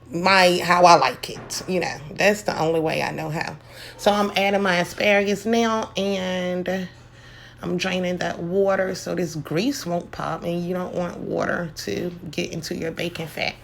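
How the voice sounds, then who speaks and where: Middle-aged woman, gravelly tone, folksy chatty home cook. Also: fairly low pitch, unhurried, a little hiss or hum. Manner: chatty, folksy, addresses viewers as y'all. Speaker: home cooking vlogger. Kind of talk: casual cooking demonstration.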